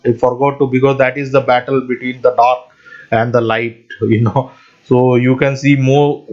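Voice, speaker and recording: A man hosting his own channel, rambling in a casual monologue with frequent little laughs and constant asides to his viewers, speaking English as a non-native speaker. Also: a little high. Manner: rambling, often laughs mid-sentence, keeps addressing viewers as guys. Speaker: channel host. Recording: dull lo-fi audio.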